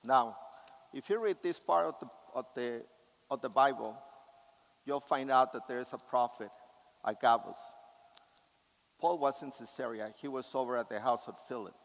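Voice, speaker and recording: A man's voice: medium pitch, normal speed, gravelly, pauses often, in a large hall, rough recording. A man preaching a sermon with impassioned, emphatic delivery.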